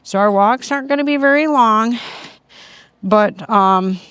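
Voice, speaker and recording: A middle-aged woman walking outdoors, calmly explaining how she trains her puppy and breaking into high, sing-song praise calls to the dog. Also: a little slow, clean tone, no echo. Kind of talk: casual training vlog narration. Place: outdoors on a neighborhood walk.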